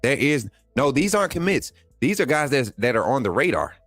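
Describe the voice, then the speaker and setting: A man's voice: medium pitch, fairly quick, dry recording. Hyped up guy doing a sports livestream, talks right to the chat, says stuff over and over, dry close mic w faint music under it. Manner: excitable, hypes players, talks straight to viewers; repeats phrases, casual colloquial speech. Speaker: sports channel host. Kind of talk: casual livestream commentary reading chat.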